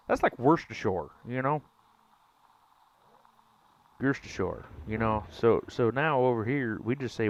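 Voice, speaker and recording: A man's voice: mid-range voice, unhurried, long pauses. A man, casually joking and teasing his chat during a live game stream. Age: 20s. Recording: dull lo-fi stream mic.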